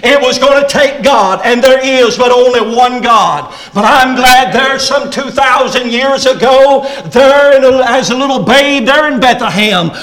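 A middle-aged man preaches with fervor. His voice sits high for a man, and he climbs louder into near-shouts on key lines before dropping low. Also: a little slow, few pauses, low-quality recording. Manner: fervent preaching, rising and shouting on key phrases. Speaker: pastor. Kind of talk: sermon.

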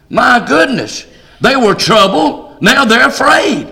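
An older male preacher with a high, ringing voice delivers a revival sermon. He talks in a folksy, fervent way and rises to shouts on the points he wants heard. The sermon moves between storytelling, scripture and prayer. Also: big pitch swings, slow pace, poor audio.

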